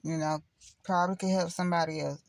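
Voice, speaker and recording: A woman's voice: lowish voice, fairly even intonation, fast, no echo. A middle-aged woman chatting casually on her channel in a blunt, preachy, rambling way. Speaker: spiritual vlogger. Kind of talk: casual direct-to-camera chat.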